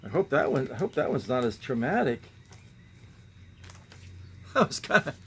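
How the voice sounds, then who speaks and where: A man's voice: mid-range voice, big pitch swings, normal speed, fairly bright tone, a little hiss or hum. A man hosting a casual show-and-tell about his comic book collection, rambling and musing with sighing asides.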